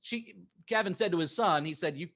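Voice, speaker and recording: Bright high-voiced man telling a story. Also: brisk. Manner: animated storytelling. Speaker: guest comic. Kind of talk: casual comedy chat.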